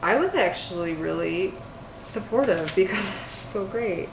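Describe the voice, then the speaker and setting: A woman's voice: mid-range voice, expressive, a little slow, gravelly. A young woman chatting casually at home on a couch with her husband, giggling as she answers viewer questions. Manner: giggly, reads questions aloud. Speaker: co-host, wife. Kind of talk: casual couple Q&A chat. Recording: echoey room, faint background hiss.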